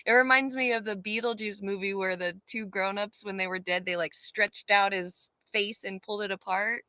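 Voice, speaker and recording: A woman's voice: medium pitch, fairly even intonation, pushed and bright, dry recording. A woman co-hosting a casual live-stream chat, easygoing and chatty. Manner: easygoing, chatty, quick to laugh. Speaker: co-host.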